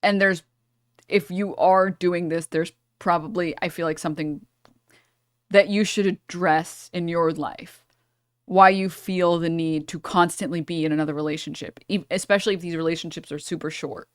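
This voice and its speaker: A woman's voice: fairly low pitch, steady tone, normal speed, no room sound, clean studio sound. A woman streamer giving casual reaction commentary in a chatty, wry, opinionated way.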